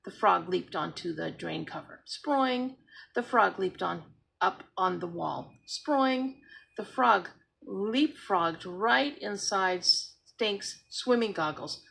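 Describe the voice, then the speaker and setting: A woman's voice: medium pitch, animated, takes it slowly, creaky, a bit bright, poor audio. A woman expressively reading a children's book aloud as a storyteller. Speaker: storybook reader.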